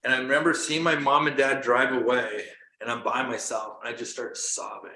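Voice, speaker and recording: A middle-aged man from Canada, a coach giving an earnest motivational talk, telling stories that swing from quiet to loud. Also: lowish voice, fairly even intonation, brisk, a little hiss or hum. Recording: roomy echo.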